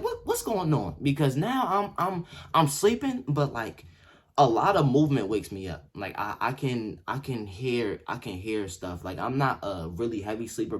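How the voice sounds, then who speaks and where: A young man telling a story in a casual, slangy way, swinging from yelled quotes to low mutters. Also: slightly rough. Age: young adult. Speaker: vlogger. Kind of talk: animated storytime.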